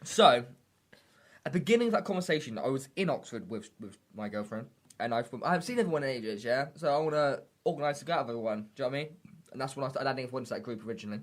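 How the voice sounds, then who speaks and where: A young British man co-hosting a comedy podcast, telling stories in an excitable, sweary way. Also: medium pitch, rapid-fire. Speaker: podcast co-host. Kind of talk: casual comedy chat.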